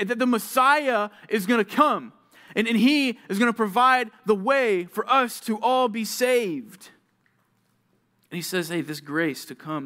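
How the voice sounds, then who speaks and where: A young man preaching to junior high students, telling stories and acting out short scenes, with sudden swings from loud to hushed. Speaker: youth pastor. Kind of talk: youth sermon.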